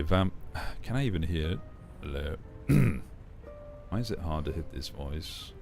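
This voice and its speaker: A man's voice: rumbling low, animated, moderate pace, soft background music. A man streaming a game, chatting casually and critiquing his own voice work. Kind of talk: casual chat while playing.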